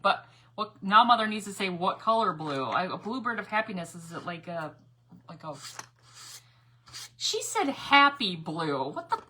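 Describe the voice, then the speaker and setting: A chatty woman hosts a craft livestream and talks to viewers as she works. Her voice is bright, with a lively pitch that rises and falls. A faint noise sits under it. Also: normal speed, pauses often. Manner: chatty, talks to viewers while painting, reads comments aloud.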